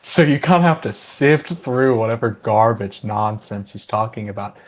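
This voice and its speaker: A man runs a tabletop game in a relaxed, mid-pitched voice. He narrates casually, wandering through asides and fillers. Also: moderate pace. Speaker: game master.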